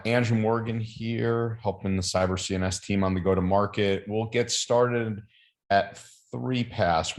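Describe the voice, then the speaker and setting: A low-voiced man with a Long Island New York accent hosts a partner call over video. He talks in a friendly, chatty way, often stopping on ums and uhs. The sound has an echoey, roomy ring. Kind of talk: casual video call chat.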